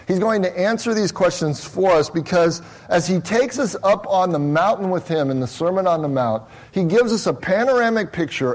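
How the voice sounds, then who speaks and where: A man's voice: on the high side, a little mellow. A man preaching a sermon in a small church, talking casually and conversationally with many repeated restarts. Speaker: pastor.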